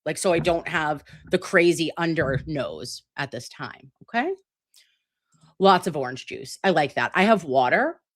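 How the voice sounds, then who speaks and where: A woman with a low-pitched, animated voice hosts a casual livestream chat at a measured pace. She's brassy, profane and dramatic while recovering from a sinus and ear infection.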